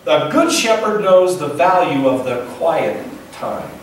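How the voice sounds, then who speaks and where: Pastor guy preaching, kinda high voice, homey way of talking, lots of echo, faint room noise. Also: lively intonation, slow. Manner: folksy, conversational preaching with rhetorical questions. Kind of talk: sermon. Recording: echoey church sound from a distant mic.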